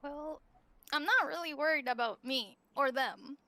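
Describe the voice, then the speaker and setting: A woman playing a caring, protective adventurer who speaks in a plain, soft way. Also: sits high, measured pace, no room sound, full character voice. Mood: worried.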